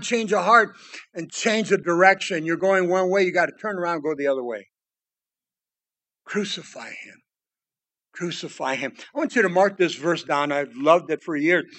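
High-voiced man preaching, loud then hushed. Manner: emphatic, swings between loud declarations and hushed pleading asides; addresses listeners directly with "listen" and "guys". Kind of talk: expository sermon.

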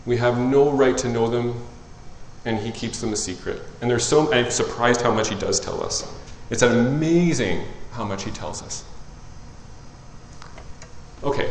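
A man preaching a sermon as a pastor, animated and conversational, acting out the voices of the people he quotes. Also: roomy sound, slight background noise, poor audio. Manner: animated, acts out quoted voices in a higher pitch.

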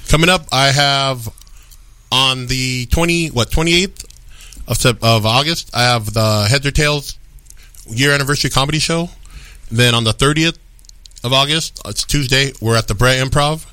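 A man with a slight lisp trades laid-back, dry jokes as a guest on a studio podcast. His voice sits at an ordinary pitch but comes across bright and forward. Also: normal speed, smooth, dry recording. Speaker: comedian guest. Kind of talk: casual podcast chat.

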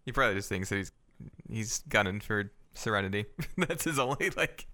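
A man's voice: fairly low pitch, expressive, fairly quick, pushed and bright, no echo. A man co-hosting a podcast, dropping dry asides and chuckling. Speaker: podcast co-host. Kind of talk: casual chat.

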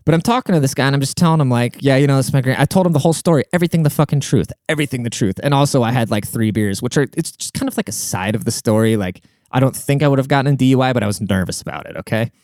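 Smooth-voiced young man telling a rambling story. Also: mid-range voice, rapid-fire, few pauses, a little mellow, dry recording, studio quality. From Washington State, USA. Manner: rambling, profane, conversational. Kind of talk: casual storytelling monologue.

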